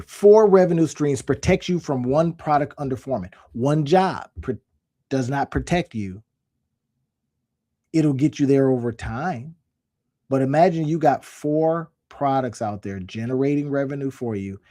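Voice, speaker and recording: A man's voice: mid-range voice, animated, a little slow, warm tone. A man talking casually to camera as an online business coach, emphatic and fond of repeating his points. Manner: folksy, emphatic, repeats phrases for effect. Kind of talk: casual direct-to-camera talk.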